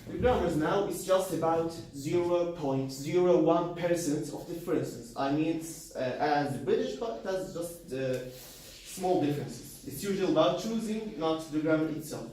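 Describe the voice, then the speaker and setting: A man giving a university class presentation, halting, with many fillers, restarts and non-native grammar. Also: on the high side, expressive, darkish tone, distant mic. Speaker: student presenter. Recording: very echoey room, voice from afar, faint noise.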